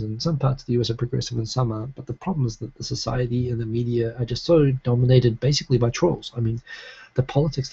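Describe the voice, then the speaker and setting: A man's voice: mid-range voice, warm tone, slightly rough, highs cut off. A man with a faded New Zealand accent hosting a live show, chatting casually and reading comments, rambling with lots of fillers and restarts.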